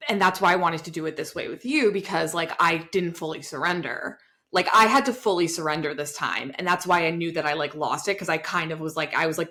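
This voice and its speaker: A woman's voice: sits low, fairly quick, bright, forceful tone. A woman co-hosting a podcast, talking casually and animatedly, with many fillers and some swearing. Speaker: podcast co-host. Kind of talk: casual conversation.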